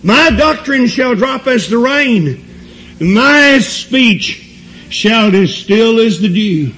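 A man's voice: very high voice, animated, slow pace, fairly bright tone, slight background noise, rough recording. A male preacher giving a sermon, reading scripture aloud and asking his listeners rhetorical questions.

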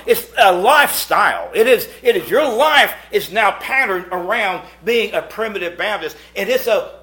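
A middle-aged man preaching a sermon at a church meeting. He swings from hushed asides to shouted points. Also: high-pitched. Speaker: pastor.

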